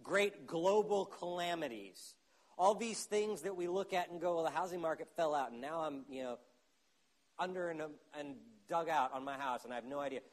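A man preaching with a slightly higher voice, full of animation. He builds to loud, urgent peaks and then drops to hushed, intense stretches. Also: moderate pace. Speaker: pastor. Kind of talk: sermon.

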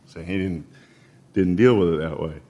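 A man in his fifties preaching a sermon, telling folksy personal stories in an unhurried way and reading scripture. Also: sits low, mellow. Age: 50s.

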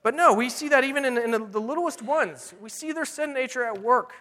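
A middle-aged man preaching a sermon in a church, earnest and emphatic, slowing down to read scripture. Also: very high-pitched, sharp tone. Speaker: pastor. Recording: long hall reverb.

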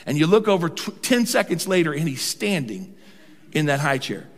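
An older man preaching a sermon as pastor, animated and humorous, drawing out key words for emphasis. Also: a little high, moderate pace. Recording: long hall reverb.

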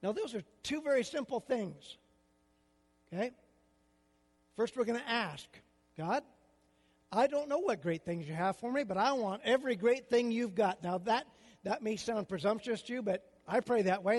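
A man's voice: sits high, animated, moderate pace, long pauses, darkish tone, in a large hall. An older man preaching a sermon as a pastor, with a conversational style full of rhetorical questions.

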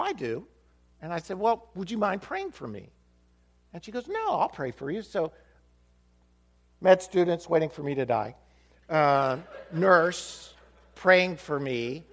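A man's voice: a little high, a little slow, creaky. A man preaching a storytelling sermon in a church, acting out the voices of the people in his story. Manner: animated, acts out dialogue with shifting voices. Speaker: pastor.

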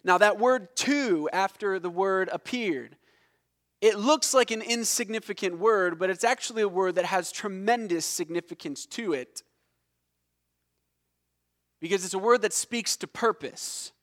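A man preaching a sermon in a fairly high voice, taking his time over each phrase. He explains the meaning of words with emphasis and lets key words fall low and quiet. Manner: explains word meanings slowly and deliberately. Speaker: pastor.

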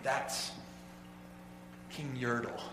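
A male pastor delivers a relaxed sermon in a fairly high voice, doubling back on words and pausing often. He sounds distant in a large, heavily echoing church with a long reverb. A faint hum runs underneath. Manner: conversational, halting, repeats words. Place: church sanctuary. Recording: echoey hall, voice from far off.

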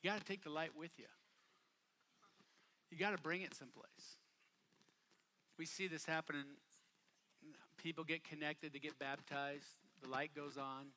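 A man preaching a sermon at a youth camp, casual and repetitive, building from quiet talk to shouting bursts. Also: fairly high pitch, steady tone, moderate pace, pauses often. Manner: casual, repeats phrases for emphasis. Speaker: youth pastor. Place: camp meeting hall.

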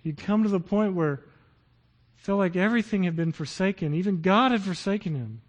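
A man's voice: high-pitched, lively intonation, a little fast. A middle-aged man preaching a sermon as pastor, earnest and building to impassioned scripture reading.

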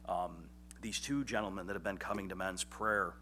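A man's voice: low-pitched, steady tone, normal speed, bright, forceful tone, a little hiss or hum. A man preaching a sermon in a conversational, self-deprecating way, often acting out little quoted exchanges. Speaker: pastor.

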